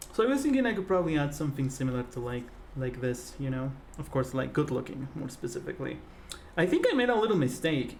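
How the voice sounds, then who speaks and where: A streamer talks casually while drawing, rambling with lots of fillers and restarts. The voice swings widely in pitch, and it jumps up into excited, laughing greetings to viewers. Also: a little hiss or hum. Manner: rambling and chatty, with frequent fillers and self-corrections; laughs easily, with sudden excited outbursts. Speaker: live-stream host.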